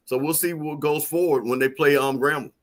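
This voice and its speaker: A man's voice: on the high side, steady tone, brisk. A man with a Mississippi accent, co-hosting a sports talk show, emphatic and prone to repeating himself when he makes a point. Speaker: co-host and football analyst.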